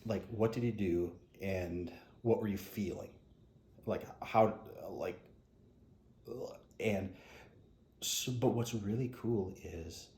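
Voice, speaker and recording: A middle-aged man, a retired police officer, frankly recounting his experiences in an interview with halting restarts. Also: lowish voice. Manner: halting, frank, drops soft quoted asides. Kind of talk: interview storytelling. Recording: echoey room with faint noise.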